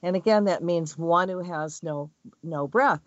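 A woman who works as a spiritual energy healer, giving a chatty, rambling and expressive talk. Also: on the low side, measured pace, dry recording. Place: Hawaii. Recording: dull, dry recording.

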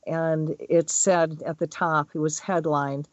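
A woman who works as a spiritual energy healer, giving a chatty, rambling and expressive talk. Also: low voice, takes it slowly, no room sound. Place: Hawaii. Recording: dull, dry recording.

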